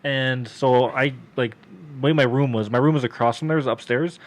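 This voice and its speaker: A man's voice: mid-range voice, moderate pace. A man on a casual podcast telling a long, profane personal story, often laughing and acting out what others said. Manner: profane, laughing, acts out voices in quotes.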